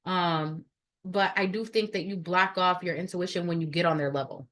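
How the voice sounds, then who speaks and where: Woman tarot reader, low-pitched, blunt, swears freely, rambles through casual on-camera readings. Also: steady tone, moderate pace, fairly bright tone. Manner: blunt, profane and rambling, many fillers.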